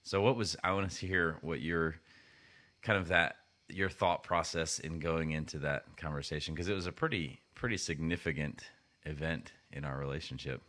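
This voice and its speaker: A man's voice: rumbling low, moderate pace, pushed and bright. A man co-hosting a podcast in casual chat, rambling with frequent restarts. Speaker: podcast co-host.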